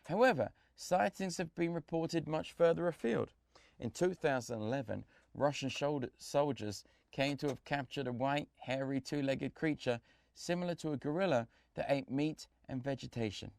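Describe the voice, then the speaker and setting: A man hosting a comedy web show, reading jokey scripted bits in a deadpan way and bantering with his crew. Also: fairly high pitch, moderate pace, vocal fry, no echo. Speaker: host.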